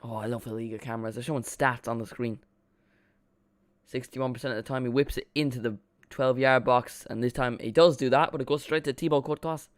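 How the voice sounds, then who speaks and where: A man streaming a live watchalong, giving casual, excitable play-by-play and chatting with his viewers, joking at his own expense. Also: mid-range voice, a little fast, clear, resonant tone, no echo. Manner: chatty and excitable, jokes about himself.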